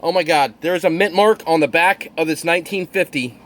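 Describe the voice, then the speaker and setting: A man's voice: fairly high pitch, normal speed, a bit bright. Thrilled man narrating coin finds. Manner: thrilled, exclamatory, addresses viewers as y'all. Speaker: coin roll hunter. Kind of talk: excited hobby video narration.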